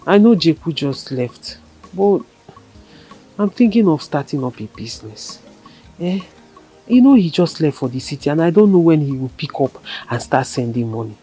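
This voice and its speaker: A woman's voice: low-pitched, lively intonation, normal speed, warm tone, breathy edge, faint music behind. A Nigerian woman acting as a wife left at home who plans to start a business. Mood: hopeful. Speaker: wife whose husband left for the city. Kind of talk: Nollywood film acting.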